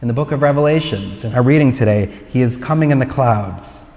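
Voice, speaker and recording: Priest preaching in a reverberant church. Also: male voice, mid-range voice, brisk, gravelly, a little mellow. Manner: storytelling, earnest, conversational. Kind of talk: homily. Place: church at Mass.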